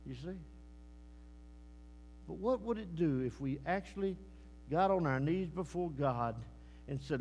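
A man preaching a sermon and telling a moving story, swinging between loud bursts and hushed lines. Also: sits high, sing-song, takes it slowly, long pauses, a little hiss or hum. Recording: long echoing church hall reverb.

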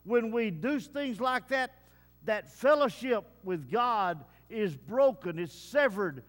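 A man preaching a sermon to his congregation in a folksy way, with many pauses and "uh" fillers. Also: high-pitched, lively intonation. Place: church service. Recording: long hall reverb.

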